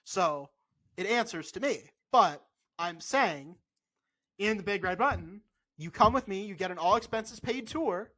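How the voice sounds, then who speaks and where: A man co-hosting a podcast in casual chat, animated and insistent, swearing freely. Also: sits high, a little slow. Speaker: podcast co-host.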